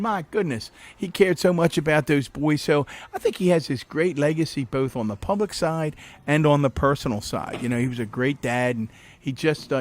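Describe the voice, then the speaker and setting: A middle-aged man as a podcast guest, telling animated anecdotes with frequent laughs in a cafe interview. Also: on the high side. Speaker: podcast guest, former county executive. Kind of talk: casual interview storytelling.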